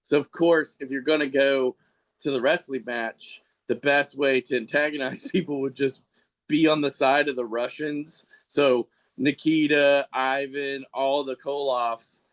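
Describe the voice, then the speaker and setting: A man's voice: mid-range voice, steady tone, unhurried, fairly bright tone. A middle-aged man chatting casually as a podcast guest, rambling through stories with frequent laughs. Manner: rambling, laughs often, mimics people in quotes. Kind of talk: casual chat.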